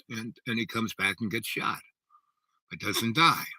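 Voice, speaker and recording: A man's voice: lowish voice, measured pace, bright, forceful tone, breathy edge, dry recording, low-quality recording. An older man hosting a live show, chatting in a rambling, digressive way and reading viewer comments. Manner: rambling and digressive, with lots of fillers and "right?". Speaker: host of a livestream show.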